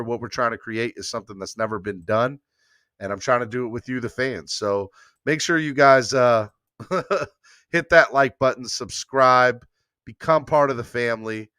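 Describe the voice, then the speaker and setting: A man's voice: no room sound, studio quality. A man from New York hosting a sports podcast, energetically repeating promos and calls to sign up. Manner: energetic, repetitive hype-man pitching.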